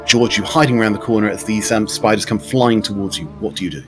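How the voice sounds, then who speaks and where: Chatty game master. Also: male voice, fairly low pitch, fast, over music. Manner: chatty, with many fillers and restarts. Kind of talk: narrating a tabletop game.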